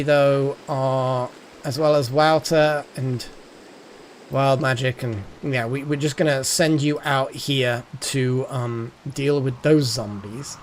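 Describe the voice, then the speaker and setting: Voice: mid-range voice, a little hiss or hum. A streamer giving live gameplay commentary, thinking aloud, muttering and swearing at the game.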